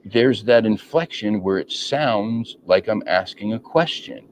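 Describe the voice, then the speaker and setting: A man's voice: lowish voice, animated, unhurried. A man hosting a casual interview, rambling with many ums and restarts. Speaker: podcast host. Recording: dull lo-fi audio with faint noise.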